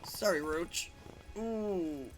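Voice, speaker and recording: A man's voice: sits high, very slow, faint music behind. A man chatting casually while playing a video game, rambling through a story with lots of fillers and the odd swear. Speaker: gaming streamer. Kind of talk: casual let's-play commentary.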